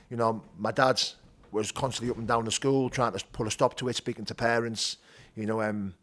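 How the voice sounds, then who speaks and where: A man with a Teesside accent telling his rough childhood story as an interview guest, blunt and animated, swearing freely. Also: on the low side. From North East England. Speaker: guest, bare knuckle fighter. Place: gym.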